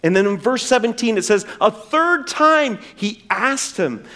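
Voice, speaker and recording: A man preaching a sermon in church, swinging from loud emphasis to hushed, drawn-out words and acting out quoted dialogue in a raised voice. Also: sits high, expressive. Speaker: pastor.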